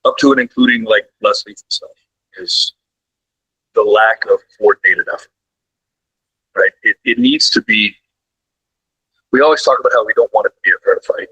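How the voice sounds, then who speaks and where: A man's voice: lowish voice, normal speed, long pauses, sharp tone, slightly rough, low-quality recording. A man hosting a podcast interview, drawing on his career in law enforcement and repeating points for emphasis. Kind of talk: conversational interview.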